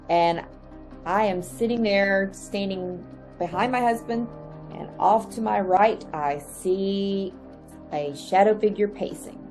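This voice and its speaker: A woman guesting on a podcast, telling a ghost-hunting story in a lively, chatty way and acting out her own reactions. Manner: lively, acts out her own reactions with sharp rises in pitch. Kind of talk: animated storytelling in a casual chat.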